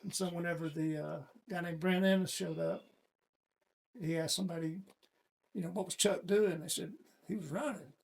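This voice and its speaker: A middle-aged man speaks as an interview guest, recounting events in a casual, folksy manner. His voice sits high for a man and is heavily gravelly. It also carries a husky edge. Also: fairly even intonation, normal speed. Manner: folksy, plain-spoken storyteller.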